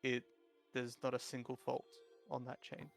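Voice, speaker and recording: A man's voice: mid-range voice, monotone, normal speed, vocal fry, soft background music. A man narrating a tabletop game as dungeon master, rambling with many fillers.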